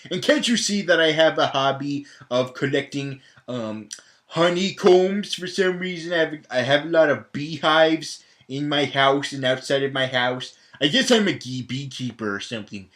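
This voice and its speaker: A man voicing a weary, reluctant father who complains in a flat, exasperated tone. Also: fairly high pitch, normal speed, close to an everyday voice.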